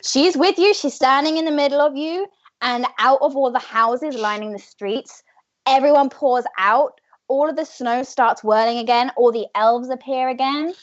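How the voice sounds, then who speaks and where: A woman's voice: high-pitched, normal speed, no echo, lo-fi sound. A woman narrating a tabletop game as game master, telling the story vividly and without hurry.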